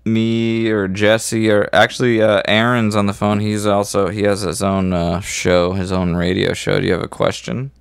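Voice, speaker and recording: A man's voice: fairly low pitch, little pitch movement, moderate pace, gravelly, hardly any pauses, clean tone, dry recording. A young man hosting a podcast, chatting casually and cursing a lot as he jokes. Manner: profane, joking. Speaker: podcast host. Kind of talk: casual chat.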